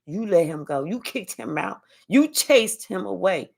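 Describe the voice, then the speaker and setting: A woman's voice: on the low side, expressive, measured pace, gravelly, darkish tone. A woman giving a spiritual reading as a blunt, sassy storytelling monologue full of slang. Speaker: spiritual reader.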